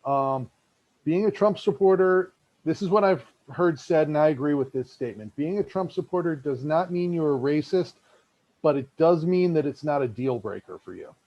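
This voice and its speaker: A man's voice: on the high side, animated, normal speed, muffled recording. A man co-hosting a podcast, making blunt points in casual chat.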